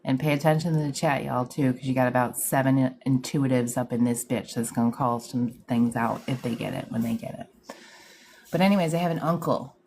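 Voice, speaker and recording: Low-voiced slangy woman medium. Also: fairly quick, a little mellow, slight background noise. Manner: slangy and chatty, greets viewers, laughs often. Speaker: psychic medium hosting a live stream. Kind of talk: casual livestream chat.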